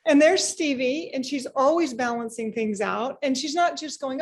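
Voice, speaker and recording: A woman business owner chatting in an interview, animated, acting out what people said, with frequent restarts. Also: sits high, normal speed, hardly any pauses, slight background noise. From United States. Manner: animated, acts out quoted remarks, frequent restarts. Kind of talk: casual interview conversation.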